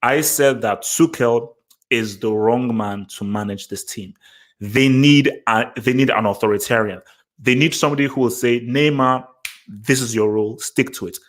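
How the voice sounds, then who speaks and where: Excitable man rambling through football analysis. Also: medium pitch, moderate pace. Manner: excitable, rambling, many restarts and repeats. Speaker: livestream host. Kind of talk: casual live football post-match analysis.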